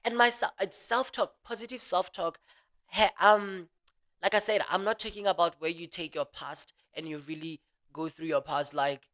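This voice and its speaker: A speaker hosting a motivational audio talk in a casual, earnest monologue, talking quickly and restarting sentences often. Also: mid-range voice. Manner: quick, animated speech with frequent restarts; earnest and reflective.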